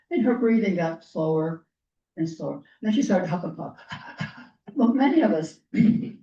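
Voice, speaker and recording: A woman guest speaker telling personal stories to a group, earnest and clearing her throat often as her voice gives out. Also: low voice, mellow. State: losing her voice. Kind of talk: personal storytelling talk. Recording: roomy, distant, dull lo-fi sound.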